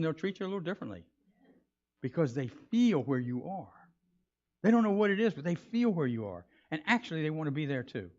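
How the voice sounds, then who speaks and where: Brief: male pastor, conversational and playful sermon delivery, muffled church recording. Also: a little high. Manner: animated, joking, conversational preaching.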